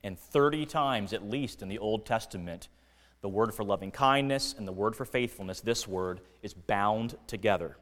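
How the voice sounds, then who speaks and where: A man preaching a sermon as pastor, earnest and deliberate, dropping to quiet lines and rising to emphatic ones. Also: lowish voice, in a large hall. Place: church sanctuary.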